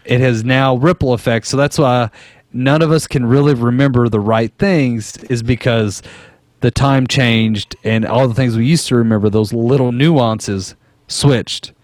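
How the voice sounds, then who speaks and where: A man's voice: medium pitch, fairly even intonation, a little slow, a little mellow, dry recording. A man co-hosting a casual podcast chat, joking, laughing often and laying out his theories. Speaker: podcast co-host.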